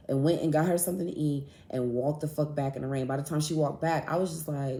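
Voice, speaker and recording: A young woman hosting a podcast, telling a story in a casual, animated and profane way, acting out both sides of an argument. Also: low voice, fast talker, hardly any pauses. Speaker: podcast host. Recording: echoey room.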